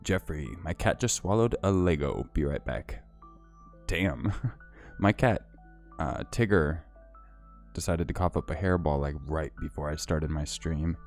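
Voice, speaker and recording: A man hosting a livestream, chatting casually and reading out viewer comments and thanks in a relaxed, chatty way. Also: extremely low pitch, unhurried, faint music behind. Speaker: livestream host.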